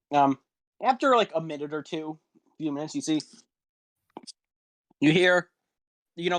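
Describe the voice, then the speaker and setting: A man's voice: on the high side, dry recording. A young man running a tabletop game on a live stream, narrating loosely with many fillers. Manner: rambling, loose, full of fillers. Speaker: game master.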